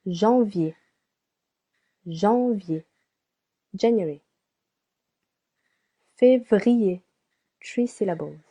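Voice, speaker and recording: A woman teaching a beginner French lesson, slowly spelling out and repeating each word for practice. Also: mid-range voice, dark tone. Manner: slow and deliberate, repeats words for practice. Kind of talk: slow scripted language lesson.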